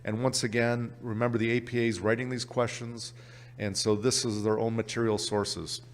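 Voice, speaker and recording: Canadian man giving a brisk workshop talk. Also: mid-range voice, level tone, long reverb tail. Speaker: workshop presenter. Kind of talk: exam prep presentation. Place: conference session room.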